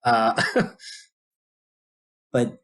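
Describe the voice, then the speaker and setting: A man's voice: very slow, a bit bright. Rambling man telling a long story. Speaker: podcast co-host. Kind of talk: casual podcast chat.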